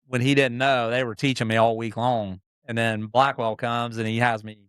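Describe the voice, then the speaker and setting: Middle-aged guest storyteller, smooth, dry close sound, animated, acts out others. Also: male voice, medium pitch, normal speed, dry recording. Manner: animated, acts out quoted people, frequent restarts. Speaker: podcast guest, motocross racer. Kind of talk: casual storytelling.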